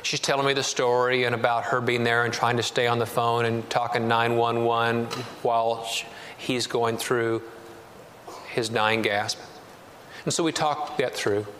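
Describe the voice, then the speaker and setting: A man's voice: mid-range voice, level tone, measured pace, fairly bright tone. A man preaches a sermon from the pulpit, moving from a personal story into scripture and rising to emphatic passages. His voice carries a long reverb from a large church hall. A faint hiss sits underneath. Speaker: pastor.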